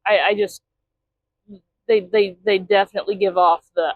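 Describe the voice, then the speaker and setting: A woman's voice: medium pitch, normal speed, dry recording, phone-quality sound. A woman truck driver chatting casually in a vlog from inside her truck cab, often talking to her cat.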